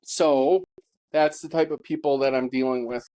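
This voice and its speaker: A man telling his own story in a halting monologue, full of pauses and fillers, grieving and bitter. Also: mid-range voice, fairly even intonation, warm tone, poor audio. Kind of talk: personal testimony monologue.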